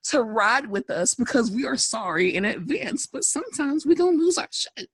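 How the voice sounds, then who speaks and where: A woman's voice: high voice, big pitch swings, normal speed, slightly rough. A young woman co-hosting a podcast, gossiping in a casual chat and laughing often. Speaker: podcast co-host.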